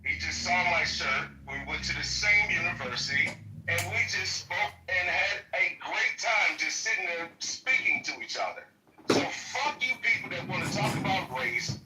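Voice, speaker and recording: A man's voice: high-pitched, animated, moderate pace. A man in an online audio chat telling a short story, blunt and profane. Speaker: chat room participant. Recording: distant, echoey, noisy phone-quality line.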